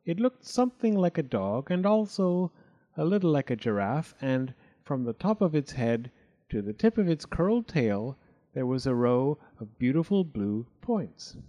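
A man reads a children's storybook aloud with an expressive, animated delivery. His mid-range voice moves at normal speed, and the audio sounds dull.

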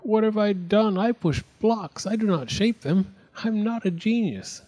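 A nervous little square from a picture book, raised a bit in pitch and fretting over every word, as a man reading aloud puts him on. The tone stays mellow and slightly husky. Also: expressive, normal speed. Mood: fretful. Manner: hesitant, fretful. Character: anxious male square, timid and flustered.

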